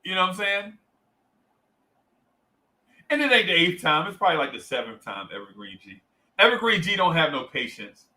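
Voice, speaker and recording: Here a high-voiced male livestream host speaks at normal speed with long pauses, on a low-quality recording. He tells his story animatedly, acting out the voices and reading viewers' comments from chat.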